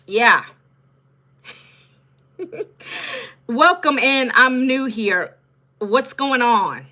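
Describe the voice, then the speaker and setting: A woman's voice: a little high, expressive, extremely slow, bright, forceful tone. A woman in her fifties from Northern Virginia, chatting casually on a livestream and talking straight to her viewers. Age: 50s. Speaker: livestream host.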